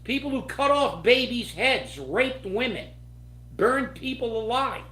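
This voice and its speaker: A man delivers political commentary in a slow, deliberate rant full of indignation. His voice echoes around a roomy space. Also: extremely high pitch, animated, sharp tone. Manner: angry, indignant ranting.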